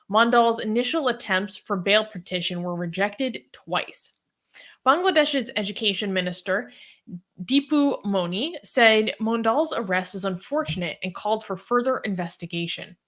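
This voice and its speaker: A woman reads news stories and quoted statements aloud, then drifts into loose, casual commentary. Her voice sits at an everyday middle pitch. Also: fairly bright tone. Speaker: co-host reading news stories. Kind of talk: reading news and casual chat.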